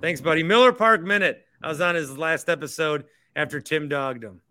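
A man's voice: on the high side, normal speed, pushed and bright. A man hosting a call-in podcast, chatting casually and teasing his callers. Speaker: podcast host.

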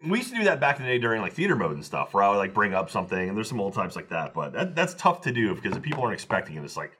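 A man chatting casually on a podcast, rambling through his thoughts with halting starts. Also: lowish voice, sing-song, a bit bright, slight background noise. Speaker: podcast regular. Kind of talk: casual chat.

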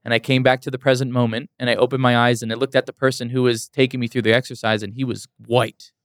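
Young male motivational speaker, earnest and emphatic, smooth resonant voice, dry close mic. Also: mid-range voice, little pitch movement, fast, no room sound. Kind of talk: casual interview storytelling.

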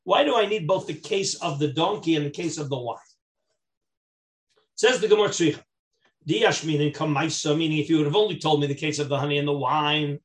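A man, a rabbi, teaching a Talmud class, reading the text aloud and then explaining it step by step in English, checking that the class is following. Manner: animated, rising in pitch and volume when stressing a point. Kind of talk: Talmud study lecture.

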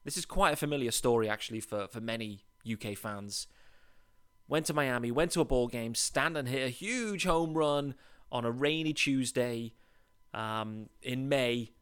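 A British man from England runs a solo podcast in a chatty, enthusiastic manner. His voice sits at an ordinary middle pitch, and he leans hard on words he wants to stress. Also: normal speed, a bit bright, clear, resonant tone. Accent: British English. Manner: upbeat, chatty, emphatic. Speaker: podcast host.

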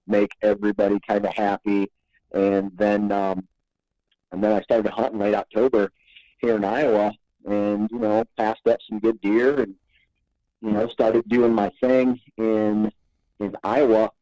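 Man, podcast guest, lowish voice, dry close sound, laid-back, rambling, chuckling. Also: little pitch movement, a little slow, mellow, dry recording, lo-fi sound. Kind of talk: casual podcast storytelling.

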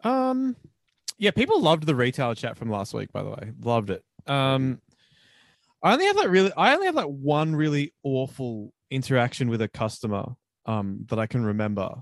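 A man's voice: moderate pace, no echo, studio quality. A young Australian man in his twenties, co-hosting a podcast and telling a rowdy story in a casual, profane way. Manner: animated, profane, swings up high for quoted voices. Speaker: podcast co-host.

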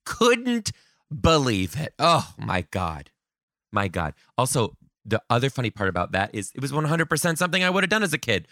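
A sarcastic man in his thirties hosts a comedy podcast and reads out listener emails. His pitch swoops all over the place as he tells his stories. His voice sounds bright, and the recording is dry and close. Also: fairly quick, dry recording. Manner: animated, sarcastic, jumps into high mocking voices. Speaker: podcast host.

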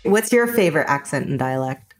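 A woman being interviewed on a podcast, talking in a lively, animated way. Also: low-pitched, fairly quick, loud music behind the voice. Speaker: interview guest. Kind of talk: conversational interview.

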